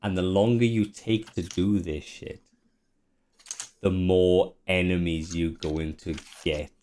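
Low-voiced male game master, loose and profane, lots of fillers. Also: steady tone, slow pace, darkish tone, a little hiss or hum. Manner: sweary, rambling, frequent fillers. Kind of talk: casual chat and reading lore aloud.

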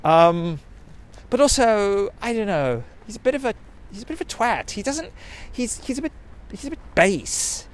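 A man's voice: high-pitched, sing-song, moderate pace. A man, telling a rambling personal story in a sweary, self-mocking way. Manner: sweary, self-mocking, digressive, with quoted put-on voices.

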